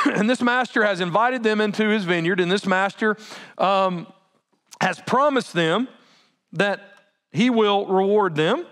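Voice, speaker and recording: A male pastor preaching a sermon in an animated, conversational way with laughing asides. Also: high-pitched, measured pace.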